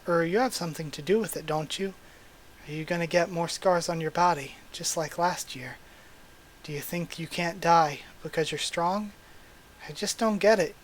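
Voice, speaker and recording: A man's voice: fairly high pitch, natural voice. A man voicing a small, frank young female rabbit as he reads a manga aloud, in his own everyday voice and with a blunt, exasperated manner.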